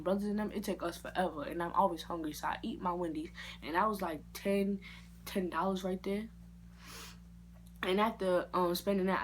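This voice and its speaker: A young adult woman vlogger telling a story in a casual, slangy way and jumping into high-pitched reactions. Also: slight background noise.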